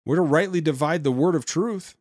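In studio-quality audio with no echo, a male podcast host with a fairly high, slightly mellow voice offers sarcastic, critical commentary on a speech. He halts and restarts his sentences often.

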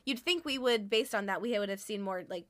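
A woman's voice: medium pitch, a little fast, a bit bright. A woman co-hosting a podcast in casual chat, talking in a chatty way with lots of laughter and fillers. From North America. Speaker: podcast co-host.

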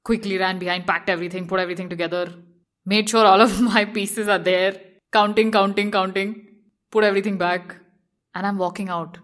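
A woman's voice: medium pitch, flat delivery, fairly quick, fairly bright tone. A young woman, a fashion designer, telling a personal story and acting out her own anxious thoughts with animation.

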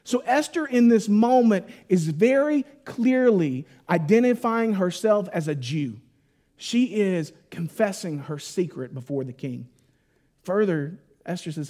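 A man delivers a Bible teaching sermon in a relaxed, chatty style. His voice sits high for a man, and he keeps it lively with informal asides. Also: unhurried. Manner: conversational and animated, lots of 'like'. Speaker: preacher.

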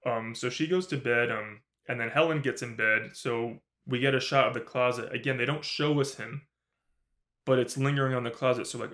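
A man's voice: mid-range voice, a little fast. A man co-hosting a movie review podcast, chatting casually, swearing freely, laughing often and acting out lines from the film. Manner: animated, swears a lot, laughs often, acts out character lines. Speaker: podcast co-host.

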